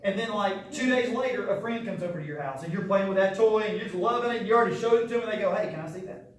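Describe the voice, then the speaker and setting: A man who teaches martial arts speaks in a high, rapid-fire voice as he playfully gets young children to echo words back in a call-and-response lesson. The sound comes from a distance in a large, echoey school room, with children in the background.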